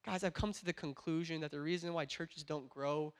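Earnest young male preacher, high voice. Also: steady tone, fairly quick. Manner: builds from quiet earnest talk to passionate shouting. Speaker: pastor. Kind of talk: sermon.

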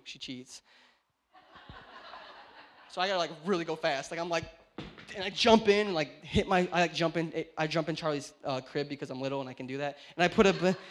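Pastor, male, thirties, high voice, sermon that swings from shouting to quiet chat. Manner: swings from shouting to hushed, conversational storytelling. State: tired, short on sleep.

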